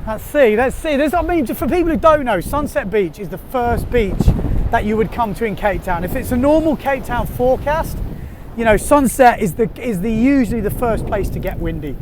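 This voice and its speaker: A windsurfer, a man, narrates his session as he rides, in a very high, light voice. He chats eagerly and laughs often, picked up by a camera mic on his rig. A faint rush of wind sits under his words. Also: moderate pace. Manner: chatty, excitable, laughs often. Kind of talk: casual running commentary while riding. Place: outdoors on the sea, windsurfing. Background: wind noise.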